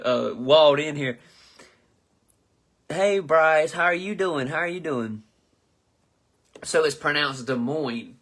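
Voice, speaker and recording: A mid-range voice with a sharp tone belongs to this host, a man in his twenties from the southern US. He runs a live comedy chat, reads out viewer comments and jokes in a loose, profane way, stumbling over names.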